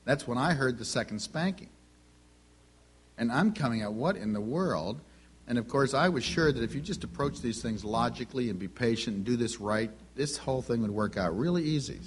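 A middle-aged male preacher with a husky, breathy edge to his voice. He tells homespun family anecdotes in the middle of a sermon. He slips into the dialogue of the people in each story as he goes. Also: mid-range voice, expressive, brisk.

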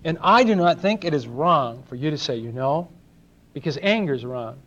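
A man's voice: on the high side, animated, normal speed, fairly bright tone. An older man from Los Angeles preaching a sermon in a conversational way, asking his congregation questions and acting out small exchanges. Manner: conversational, asks the congregation questions, acts out little dialogues. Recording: dull lo-fi sermon recording.

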